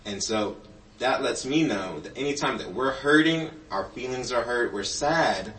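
A man's voice: medium pitch, lively intonation, unhurried, a bit bright, far from the mic, slight background noise. A man giving a children's sermon in a church, telling stories playfully with a puppet and joking along the way. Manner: jokey asides. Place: church sanctuary. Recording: roomy, from off-mic.

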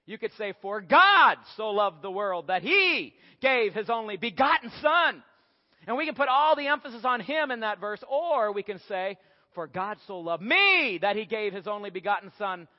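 High-voiced emphatic man preaching in a hall. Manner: emphatic, rising to near-shouts and dropping low. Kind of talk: sermon. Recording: muffled sermon audio in a reverberant hall.

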